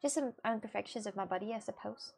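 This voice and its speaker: A woman's voice: medium pitch, quick pace, gravelly, a little mellow, husky. A woman chatting casually with her livestream viewers, rambling and giggling as she answers them. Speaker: streamer.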